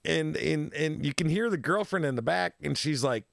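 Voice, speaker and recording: Gravelly man rambling through a story. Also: a little high, expressive, moderate pace, few pauses, dry recording, clean studio sound. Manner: rambling, repeats himself, laughs often.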